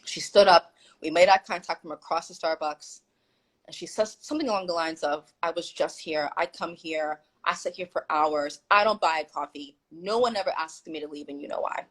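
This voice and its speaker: A woman's voice: low-pitched, normal speed, rough recording. A woman guest telling a story in casual chat on a video call, acting out what people said. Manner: animated, acts out quoted dialogue.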